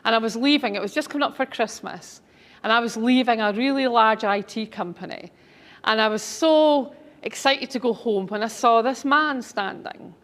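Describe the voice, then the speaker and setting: Middle-aged woman, author giving an audience talk, slightly high voice, eager anecdotal storyteller. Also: moderate pace, fairly bright tone. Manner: enthusiastic, chatty anecdotal delivery. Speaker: speaker and author.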